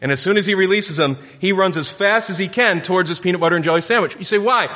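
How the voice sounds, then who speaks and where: A man's voice: high voice, fast talker, sharp tone. A man preaching a sermon, telling a story and acting out kids' voices in a playful way. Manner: storytelling with playful camper impressions. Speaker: pastor. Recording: long hall reverb.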